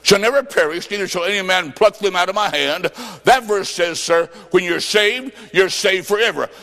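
Preacher, male, high and gravelly, storytelling sermon with sudden shouts, echoing hall. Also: moderate pace. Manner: folksy storytelling with quoted dialogue and bursts of shouting.

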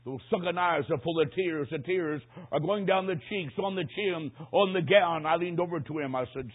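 A man preaching a sermon, telling a story dramatically, dropping to hushed tones and rising to loud cries. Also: a little high, moderate pace, hardly any pauses, breathy edge. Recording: tinny phone-like sermon recording.

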